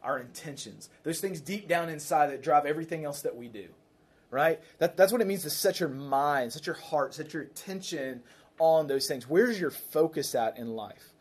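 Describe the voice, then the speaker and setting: A man preaching a sermon in a church, his voice sitting a little higher than most men's. He talks to the congregation in a conversational way, throws questions at them and repeats key phrases to drive them home. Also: moderate pace, slightly rough. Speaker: pastor.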